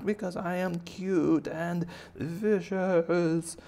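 A man's voice: sits high, little pitch movement, extremely slow, creaky, a little mellow, voice pushed up, heavily acted. A man putting on a smug giant bunny voice. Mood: smug boasting. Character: giant cute but vicious baby bunny, smug.

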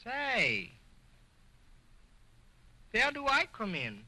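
A man's voice: huge pitch swings, drawn-out words, background noise, exaggerated voice. A man voicing a cheeky, wisecracking male ventriloquist dummy who talks back in slangy, broken grammar, in 1920s early talkie acting. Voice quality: high, slangy, mocking. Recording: early sound film with music.

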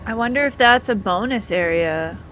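A woman's voice: mid-range voice, lively intonation, moderate pace, a bit bright, slight background noise. A woman from Canada streaming a game live, chatting and giggling as she reads out viewer comments. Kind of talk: live gameplay chat, reading viewer comments.

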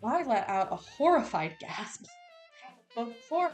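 A woman's voice: fairly high pitch, animated, normal speed, darkish tone, faint music behind. A woman reading a romance novel aloud in a dramatic, casual style with playful, sarcastic asides. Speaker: audiobook reader.

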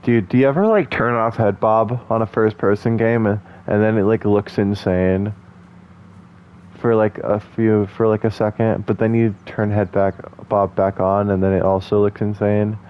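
A man's voice: lowish voice, steady tone, moderate pace, a little mellow, clean tone. A man hosting a let's play who gives casual, chatty gameplay commentary, mocks himself and swears. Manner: chatty, self-mocking, swears.

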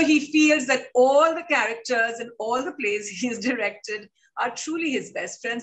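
A woman with a bright, fairly high voice hosts a book launch. She talks in a chatty way, asks her guests questions and hands the floor over to them. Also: rough recording. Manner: chatty, frequent "you know" fillers.

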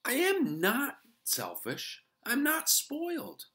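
A woman voicing a proud young male mouse who is easily hurt, in a high squeaky storybook voice. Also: wildly swooping pitch, slow, a bit bright, heavily acted.

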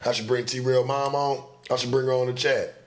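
A man's voice: mid-range voice, little pitch movement, a little fast. A man talking casually on a livestream, laid-back, boastful and slangy.

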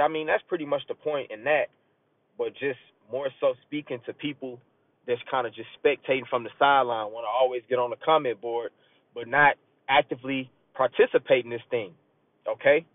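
A street preacher with a mid-range voice delivers a casual sermon, reading scripture aloud and urging listeners on, often ending lines with "man." He is earnest, his voice rising as he presses a point. The audio is dry and tinny, like a phone recording.

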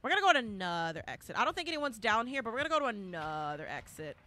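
Young woman streamer, live game commentary, high and bright voice, excitable with sudden shouts. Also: quick pace. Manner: excitable, bursts into shouting and squeals.

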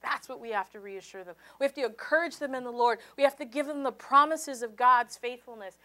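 A woman pastor delivers a fervent sermon a little fast, moving from quiet, low passages up to loud, high exclamations. She leads the congregation in call and response.

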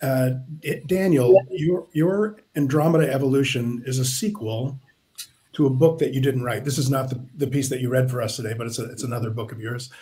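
Halting man moderating an online Q&A. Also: mid-range voice, dark tone. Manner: informal, halting, with frequent restarts. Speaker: session moderator. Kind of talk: hosting a live online Q&A. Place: online video session.

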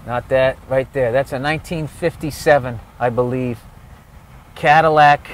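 A man doing comedy as he walks a city street outdoors, ranting loudly and sarcastically and swearing constantly. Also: mid-range voice, fairly even intonation, measured pace, slight background noise. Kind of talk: profane ranting walking tour.

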